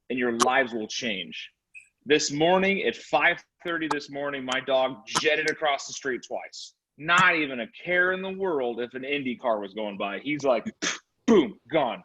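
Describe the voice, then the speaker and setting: A man with a medium-pitched voice giving a motivational sales-training talk. He tells animated, energetic stories to make his points. The recording sounds slightly muffled. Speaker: real estate sales trainer.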